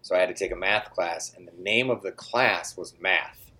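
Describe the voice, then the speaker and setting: Man in his forties, low voice, relaxed co-host, agrees with short yeps. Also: normal speed. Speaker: podcast co-host. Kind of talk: casual chat.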